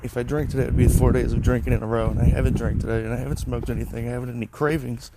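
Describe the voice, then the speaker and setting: A young man rambling casually on his own vlog, thinking out loud and swearing freely as he talks outdoors into a phone. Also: medium pitch, little pitch movement, very fast, very noisy. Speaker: podcast host, delivery driver. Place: outdoors at home.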